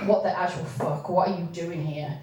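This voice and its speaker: A woman's voice: lowish voice, fairly even intonation, moderate pace, a little hiss or hum, close to an everyday voice. A woman reading a fierce, cornered young mother. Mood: furious. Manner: sharp, confrontational. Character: frightened, furious young mother. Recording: echoey room, distant mic.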